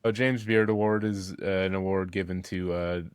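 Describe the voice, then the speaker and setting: A man co-hosting a comedy podcast, dropping dry, deadpan quips. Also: deep voice, normal speed, clear, resonant tone, no room sound. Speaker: podcast co-host. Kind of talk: comedic casual chat.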